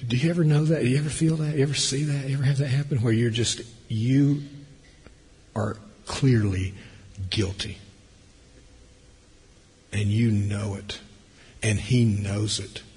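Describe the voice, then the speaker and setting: A man preaching a sermon, swinging between loud emphasis and hushed, near-whispered passages. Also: medium pitch, steady tone, a little slow, long pauses, slightly rough. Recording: long hall reverb.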